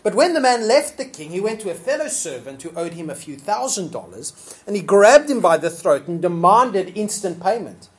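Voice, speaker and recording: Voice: mid-range voice, very animated, normal speed. Conversational preacher retelling scripture. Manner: conversational, with fillers, acting out the quoted speakers. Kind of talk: sermon.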